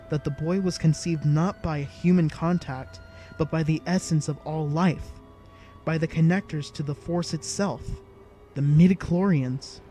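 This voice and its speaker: A man reading a story aloud in an even, measured narration style. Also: fairly high pitch. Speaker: audiobook narrator. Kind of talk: scripted narration.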